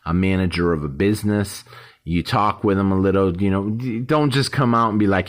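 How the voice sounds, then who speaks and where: A man's voice: deep voice, a little fast. A man hosting his own channel, talking casually and rambling, acting out short quoted exchanges. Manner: rambling, conversational, acts out little quoted exchanges. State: yawning, tired. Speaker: YouTube host. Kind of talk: casual talk to camera.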